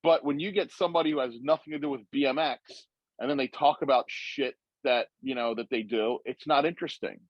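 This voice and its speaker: A man's voice: mid-range voice, a little fast, dry recording. Emphatic man, slightly dull audio. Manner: emphatic, correcting others. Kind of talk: casual podcast chat.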